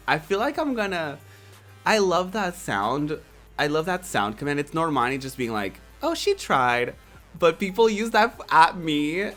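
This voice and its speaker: Streamer in their 20s, lively swooping pitch, unhurried, faint music underneath. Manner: chatty and playful, laughing often, talking to chat. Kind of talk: casual live-stream chat.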